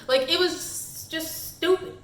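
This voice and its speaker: A woman's voice: very high-pitched, slow pace, fairly bright tone. A woman reviewing a book on her channel, exasperated and sarcastic in her critique. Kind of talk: casual book review vlog. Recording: echoey room.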